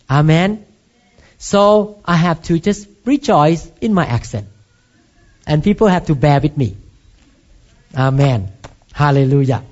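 High-voiced Thai-accented man preaching. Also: animated, a little slow, long pauses, a little mellow, dull audio. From Thailand. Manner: rhetorical questions, emphatic preaching. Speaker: pastor. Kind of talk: sermon.

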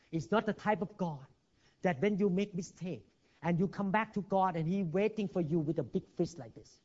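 A male pastor preaching a sermon in non-native English, emphatic and swinging between loud and hushed, recorded in a church hall on a dull lo-fi recording. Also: high-pitched.

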